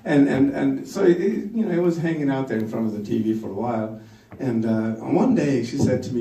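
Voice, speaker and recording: A middle-aged man from Sweden with a Swedish accent, telling a story on stage in an animated way, laughing and acting out the quotes. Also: mid-range voice, moderate pace, reverberant, distant mic, a little hiss or hum, rough recording. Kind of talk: storytelling talk.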